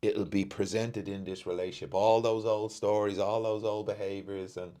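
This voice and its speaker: A man's voice: on the low side, level tone, moderate pace, mellow. A man hosting a casual podcast conversation, speaking earnestly and reflectively about his own patterns. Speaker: podcast host.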